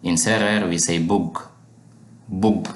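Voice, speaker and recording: A man's voice: sits low, steady tone, slow, reverberant. A man teaching a language lesson, patiently repeating each word for learners to drill.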